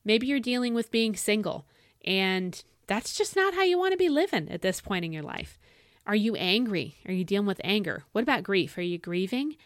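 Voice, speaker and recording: On her devotional podcast, a woman speaks earnestly and encouragingly, putting direct questions to listeners. She swings between bright, emphatic highs and soft, low asides, her voice a bit dry and cracking from thirst, in a dry recording.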